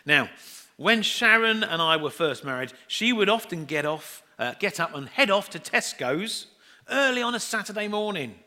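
A man's voice: high-pitched, big pitch swings, normal speed, sharp tone. A middle-aged man preaching a sermon, telling chatty, self-deprecating family stories and acting out the voices in them.

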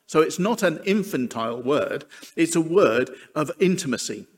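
Male preacher, lively and slightly high, casual asides, hall echo. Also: normal speed. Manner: chatty, self-deprecating asides. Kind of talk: sermon. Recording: long hall reverb.

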